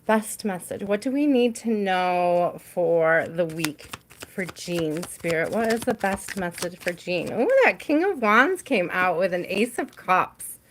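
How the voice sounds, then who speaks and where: Woman host for a live tarot stream: unhurried, chatty, laughs easily, talks to viewers by name. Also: on the low side, lively intonation, a bit bright. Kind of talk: live tarot reading chat.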